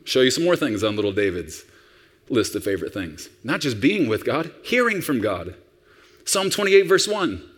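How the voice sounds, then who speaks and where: Male pastor, animated sermon, lively voice, acts out dialogues. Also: mid-range voice, moderate pace, breathy edge, long reverb tail.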